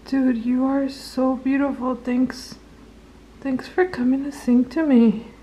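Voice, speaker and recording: Young woman filming herself cooking, high bright voice, kinda far from the cam in an echoey kitchen. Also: little pitch movement, takes it slowly. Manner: chatty, mixes Spanish words into English, laughs at herself. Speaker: vlogger. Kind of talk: casual cooking vlog chat. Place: home kitchen. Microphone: camera on tripod.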